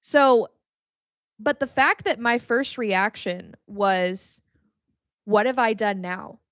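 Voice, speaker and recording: A woman's voice: mid-range voice, slow, a bit bright, no echo, clean studio sound. A young adult woman hosting a podcast, teaching about faith in a blunt, casual way, cussing freely and ranting with animation. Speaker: podcast host.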